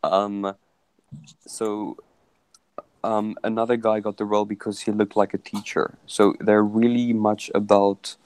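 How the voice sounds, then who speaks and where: A man's voice: on the low side, level tone, unhurried, darkish tone, clean tone, dry recording, low-quality recording. A man chatting casually on a video call, telling a long story with many restarts. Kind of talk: casual chat.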